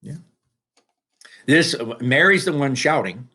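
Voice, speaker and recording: A man teaching students through a worksheet, talking casually with frequent restarts and lively emphasis. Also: a little high, takes it slowly. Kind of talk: recorded classroom lesson.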